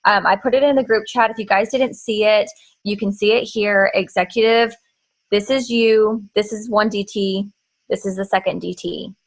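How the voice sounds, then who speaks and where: A woman's voice: medium pitch, fairly even intonation, moderate pace, poor audio. A woman hosting a casual team training on a video call, direct and practical.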